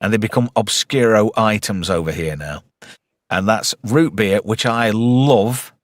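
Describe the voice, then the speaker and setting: A man's voice: lowish voice, measured pace, dry recording, clean studio sound. Sweary man hosting a chat show. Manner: sweary, jokey, rambling. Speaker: podcast host. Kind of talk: casual chat.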